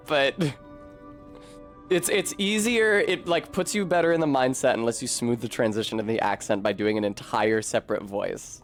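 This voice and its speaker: A man's voice: medium pitch, brisk. American man, game streamer, casual commentary, rambling, self-correcting, faint background music. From United States. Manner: chatty, rambling, with frequent self-corrections and swearing.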